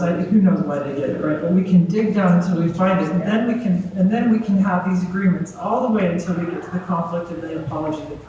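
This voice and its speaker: A woman's voice: fairly low pitch, background noise. A woman giving a conversational talk to a gathering, often checking in with the audience. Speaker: guest speaker. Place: community gathering hall. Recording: echoey hall, distant and dull.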